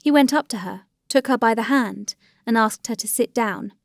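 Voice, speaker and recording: A woman narrating a classic novel in a steady, measured reading voice. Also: a little high, vocal fry, no room sound, studio quality. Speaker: audiobook narrator. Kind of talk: scripted narration.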